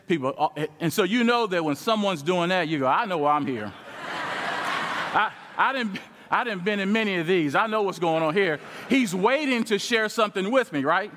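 A man preaching as a guest speaker, telling a story in a lively way and acting out the conversation as he goes. His voice sits high for a man. The sound rings with long reverb, as in a large church sanctuary. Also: moderate pace. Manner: animated, acts out quoted dialogue with shifting pitch. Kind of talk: sermon storytelling.

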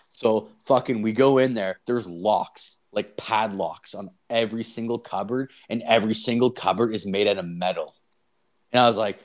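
Profane, animated Canadian storyteller man. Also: on the low side, fairly quick. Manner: constant swearing, animated and loud. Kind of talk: casual storytelling.

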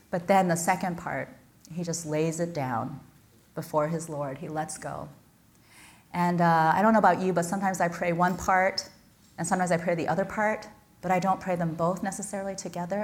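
A woman's voice: on the low side, steady tone, normal speed. A woman giving a personal, earnest sermon, reading scripture and telling her own story with touches of self-deprecating humor. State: blind.

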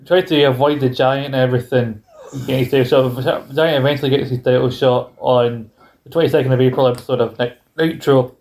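A man co-hosting a podcast, rambling through wrestling history in casual chat with quick asides and casual swearing. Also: medium pitch, darkish tone. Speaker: podcast co-host.

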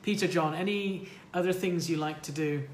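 A man's voice: a little high, normal speed. A man hosting a livestream, chatting casually with callers in a friendly way, with lots of fillers and restarts. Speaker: livestream host and English teacher. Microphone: livestream mic. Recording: roomy livestream audio with faint noise.

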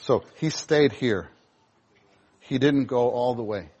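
A male preacher giving a sermon, animated, acting out scenes in voices. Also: mid-range voice, slow, husky.

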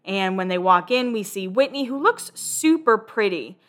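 A woman's voice: medium pitch, normal speed. A young woman hosting a casual recap chat, talkative and swearing freely. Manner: chatty, swears freely, quotes people in animated voices. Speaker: podcast host recapping a reality show.

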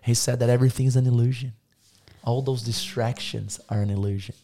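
A man's voice: medium pitch, fairly even intonation, brisk, dark tone. A man guest on a casual podcast, effusive and encouraging, rattling off lists in slightly non-native English phrasing. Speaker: podcast guest, business owner.

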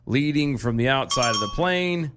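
A man's voice: medium pitch, expressive, normal speed, noisy background. A man in his forties, a tired podcast co-host reading news stories and joking around in casual chat, laughing often.

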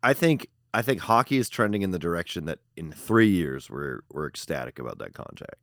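A man's voice: low-pitched, very animated, brisk, a bit bright, no room sound, clean studio sound. A man, co-hosting a sports podcast in an upbeat, joking way and restarting his phrases. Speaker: podcast co-host. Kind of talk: casual sports chat.

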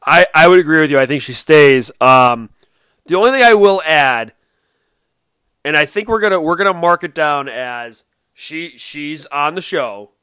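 A man's voice: fairly high pitch, moderate pace, pushed and bright, clear, resonant tone, no echo. A man hosting a podcast in casual chat, laid-back and amused as he moves between segments. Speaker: podcast host.

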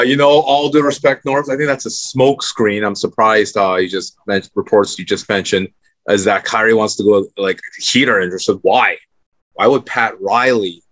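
A man co-hosting a casual sports podcast, giving jokey and animated opinions. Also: fairly low pitch, dry recording. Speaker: podcast co-host.

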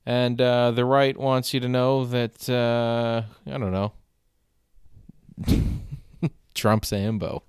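Young male comic, rambling and halting delivery, smooth voice, dry close sound. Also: mid-range voice, little pitch movement, darkish tone, no room sound. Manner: rambling, halting with many fillers. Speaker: stand-up comedian. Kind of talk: casual comedic monologue.

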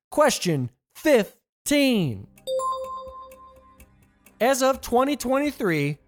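Playful trivia host with lively pitch. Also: male voice. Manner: playful, jokey asides, reads options twice. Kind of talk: podcast trivia hosting.

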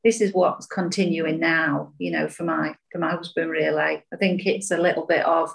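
A middle-aged woman chats as a podcast guest. She speaks in a fairly low voice and lays out her thoughts in a gentle, reflective way. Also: level tone, normal speed, vocal fry. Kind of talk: casual reflective chat.

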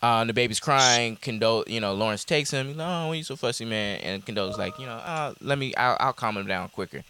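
A man's voice: medium pitch, brisk, bright, forceful tone, a little hiss or hum. A man co-hosting a casual chat, rambling through a story recap with many restarts. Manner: rambling, restarts, quotes characters in voices. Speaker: podcast co-host recapping a show.

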